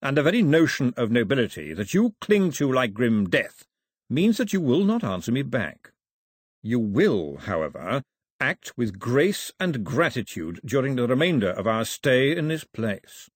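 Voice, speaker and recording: A man voicing a newly crowned king who speaks in a slow, deliberate, commanding way, in an audiobook reading. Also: mid-range voice, sing-song, husky, dry recording, studio quality. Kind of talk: audiobook character voice.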